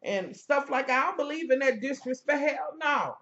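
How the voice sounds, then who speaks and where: A woman giving heated, profane commentary as she reviews a reality TV episode, sassy and loud. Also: high voice, expressive, normal speed, muffled recording.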